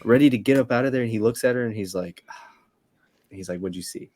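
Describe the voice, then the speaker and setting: A man's voice: medium pitch, a little fast, darkish tone, no echo. A young man on a podcast, animatedly retelling movie scenes and acting out the lines in casual chat.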